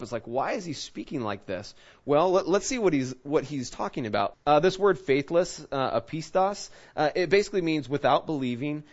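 A man's voice: a little high, dull audio. A male pastor giving a conversational Bible-teaching sermon, asking his listeners rhetorical questions.

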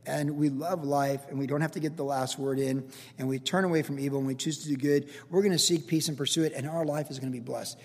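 A male pastor with a high, slightly husky voice gives an energetic, casual sermon, repeating his points and calling out to the congregation. His voice rings through a church sanctuary with a long reverb tail. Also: quick pace. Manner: energetic, repetitive, talks straight to the congregation. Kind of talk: conversational sermon.

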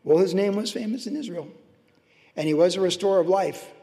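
High-voiced pastor preaching in a hall. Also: male voice, brisk. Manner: animated preaching, swinging from loud highs to hushed lows. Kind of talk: sermon. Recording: long reverb of a large hall.

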